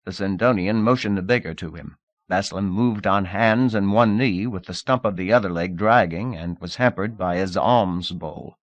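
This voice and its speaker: A man reading a novel aloud as an audiobook narrator, in a measured, expressive style. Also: deep voice, no room sound, lo-fi sound. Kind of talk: scripted narration.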